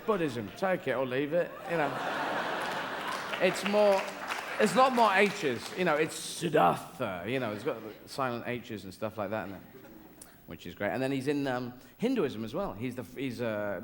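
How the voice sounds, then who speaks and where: Rambling stand-up comedian in a live hall. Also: male voice, medium pitch, very animated, moderate pace, gravelly, some chatter behind. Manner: rambling, digressive, self-correcting. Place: theatre stage. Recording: live hall with long reverb and noise.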